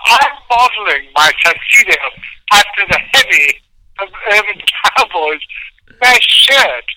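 A man voicing an eccentric, grandiose character who plans his own wedding in a theatrical, slow, self-satisfied way. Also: high voice, lively intonation, bright, forceful tone, exaggerated voice, rough recording.

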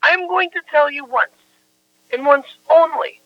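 A man in an improvised comic argument, swearing and shouting furious threats. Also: very high-pitched, a little slow, no room sound, lo-fi sound.

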